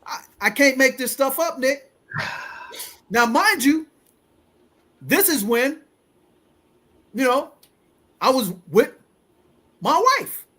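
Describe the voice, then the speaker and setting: Host, male, 40s: lively, chatty storyteller who voices the people in his tales. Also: very high voice, takes it slowly, pauses often. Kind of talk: casual storytelling.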